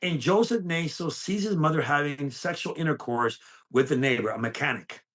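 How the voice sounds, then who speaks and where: A man's voice: fairly high pitch, moderate pace, fairly bright tone. An older man, a guest in an interview, telling intense stories from his past and acting out the voices of the people in them. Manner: intense, dramatic storyteller who acts out other voices. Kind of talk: storytelling in a conversational interview.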